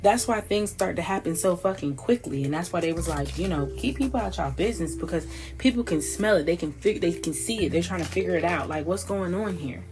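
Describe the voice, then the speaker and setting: A woman's voice: on the low side, expressive, brisk. A woman doing a casual spiritual card reading, rambling and restarting her sentences, swearing freely and talking straight to her listeners as y'all. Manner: rambling, profane, frequent restarts; addresses listeners directly as y'all. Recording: clear music playing behind.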